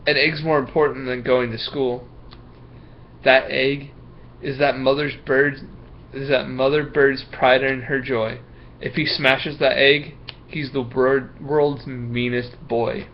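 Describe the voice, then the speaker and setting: A man's voice: mid-range voice, level tone, slow. Storybook: a man reading as a protective wife worm, earnest, muffled with faint hiss. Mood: pleading. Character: soft-hearted female worm, the wife, pleading.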